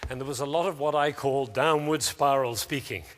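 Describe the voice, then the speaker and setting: A man giving an animated, anecdotal public talk to educators, laughing often as he speaks. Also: medium pitch, normal speed, big-room sound.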